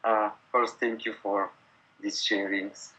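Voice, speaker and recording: A man from Bulgaria calling in to a teacher, asking a question haltingly with many pauses and nervous laughs. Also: on the low side, level tone, pushed and bright, low-quality recording. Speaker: caller.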